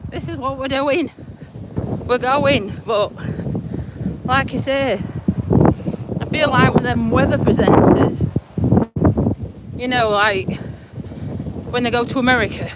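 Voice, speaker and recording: A woman walks and talks in a casual live vlog, slow and unhurried, swearing freely and a bit out of breath. Wind and outdoor noise come through clearly on her phone recording. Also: on the high side, lively intonation. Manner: chatty, blunt, swears casually. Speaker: vlogger. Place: outdoors on a windy walk.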